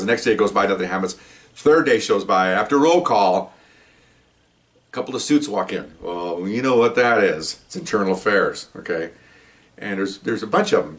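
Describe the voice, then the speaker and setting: A man's voice: lowish voice, a bit bright. An older man, a veteran police officer, telling a story in a casual, rambling way, with restarts and "okay?" asides.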